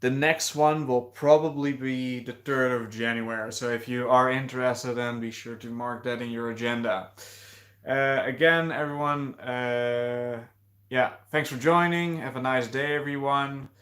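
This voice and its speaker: A man's voice: medium pitch, steady tone, a little slow, fairly bright tone. A man hosting a casual livestream, talking hesitantly with many fillers and restarts. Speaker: livestream host.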